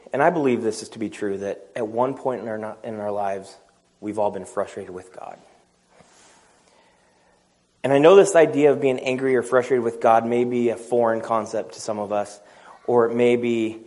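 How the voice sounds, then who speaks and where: A man's voice: medium pitch, moderate pace, darkish tone. A man preaching a sermon, telling a personal story, acting out the dialogue and laughing at himself.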